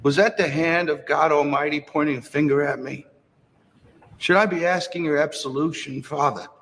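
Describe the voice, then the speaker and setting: A man's voice: on the high side, fairly even intonation, normal speed, a bit bright, big-room sound, voice pushed up. A man voicing an anxious, guilty young woman who pleads earnestly at confession. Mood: pleading.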